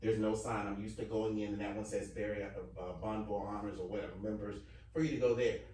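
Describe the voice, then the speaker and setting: A man's voice: lowish voice, level tone, fast talker, warm tone, a little hiss or hum. Indignant man, roomy and distant. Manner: indignant, emphatic. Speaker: hotel guest complaining. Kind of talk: casual chat. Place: hotel room. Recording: roomy sound from far off.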